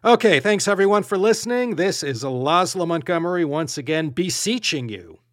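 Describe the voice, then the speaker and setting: A man hosting a podcast, telling an old tale in an animated, playful storytelling way. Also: high voice, normal speed, no echo, studio quality. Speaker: podcast host.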